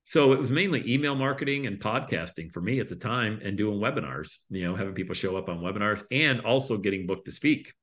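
A man with a low voice telling a story in a casual interview. He talks in animated bursts: his voice rises sharply for the high points, then falls away softly as each phrase ends. He sounds like a practiced stage speaker. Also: brisk, hardly any pauses. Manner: lively storyteller, voice jumps up for punchlines then drops low; trails off quietly at the ends of phrases. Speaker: interview guest, speaker and coach.

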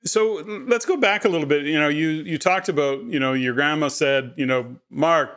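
A man's voice: a little high, normal speed, a bit bright, smooth. Man hosting a podcast interview. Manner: thoughtful, rambling questions with many fillers. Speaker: podcast host. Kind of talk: interview questions.

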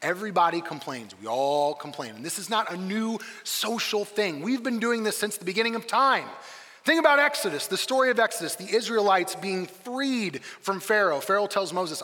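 A man preaching a sermon as a campus pastor, telling the story in a lively way and acting out the quoted lines. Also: high-pitched, normal speed, big-room sound.

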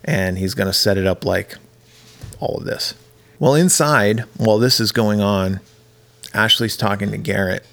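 A man's voice: on the low side, normal speed, creaky, a bit bright. A man co-hosting a podcast, casually retelling a horror movie's plot and acting out the characters' lines. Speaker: podcast co-host. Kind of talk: casual movie recap chat.

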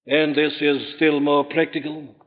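A man preaching a sermon in an emphatic, rhetorical manner, rising to forceful peaks. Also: fairly high pitch, level tone, measured pace. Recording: dull old recording in a large reverberant hall.

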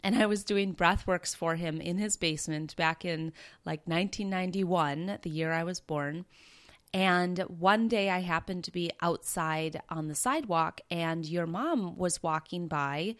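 Calm older woman teacher, voiced by a podcast host, gentle, serene, smooth. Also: lowish voice, a little slow, close to an everyday voice.

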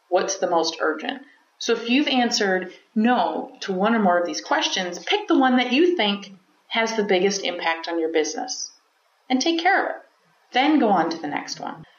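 Animated woman hosting a business podcast. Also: medium pitch. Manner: animated and explanatory, with playful asides. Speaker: podcast host. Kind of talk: solo podcast monologue. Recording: roomy, slightly dull recording.

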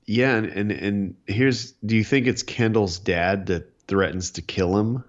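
A man's voice: fairly low pitch, a little slow, highs cut off. A man co-hosting a casual chat show, talking in a chatty, joking way and chuckling often. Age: older. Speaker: podcast co-host.

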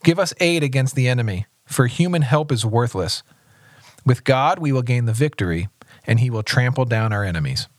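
A man, a pastor, reading scripture aloud in a measured, steady voice and discussing it on a podcast. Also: medium pitch, dry recording.

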